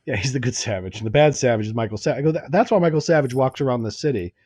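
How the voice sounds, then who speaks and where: A man's voice: medium pitch, very fast, breathy edge, dry recording. A man co-hosting a podcast, telling a casual story with lots of swearing and acted-out dialogue. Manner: animated, swearing, acts out quoted dialogue. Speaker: podcast co-host.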